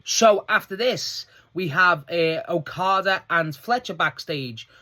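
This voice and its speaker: Alone on the mic, a man casually reviews a wrestling show, recounting its segments excitedly and swearing freely. His voice is high and his pace slow.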